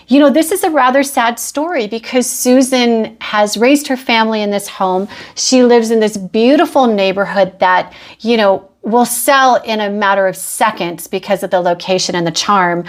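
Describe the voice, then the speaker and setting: A middle-aged woman hosting a podcast, telling a personal work story in a chatty, anecdotal way. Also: a little high. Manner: chatty, anecdotal, with acted-out quotes. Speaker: podcast host and real estate agent. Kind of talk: storytelling monologue.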